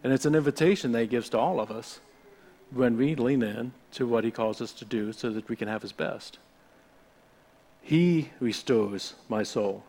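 A man pastor giving an informal sermon in a chatty, rambling way, slowing down to read scripture. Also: medium pitch, steady tone, darkish tone. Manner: conversational, rambling with restarts, reads scripture slowly.

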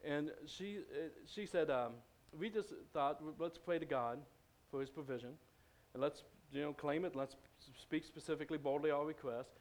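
A man's voice: on the high side, normal speed, few pauses. A man preaching in a church, telling a story in a loose, conversational way, with many fillers and restarts. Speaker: pastor. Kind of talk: storytelling sermon.

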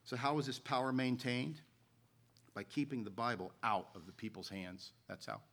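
A man's voice: medium pitch, fairly even intonation, moderate pace, a bit bright. A man preaching a sermon as a pastor, telling stories and reading scripture aloud in an earnest way.

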